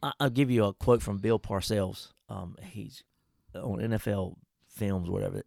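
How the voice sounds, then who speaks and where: Male pastor, folksy and emphatic, rough gravelly voice. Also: fairly low pitch, moderate pace, darkish tone, dry recording, studio quality. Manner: emphatic, folksy, preacherly asides. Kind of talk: casual Bible-study chat.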